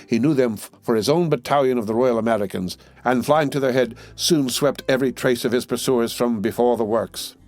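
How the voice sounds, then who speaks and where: A man reading a classic adventure novel aloud as an audiobook narrator, in a steady, measured way. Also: mid-range voice, no echo, soft background music. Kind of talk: scripted narration.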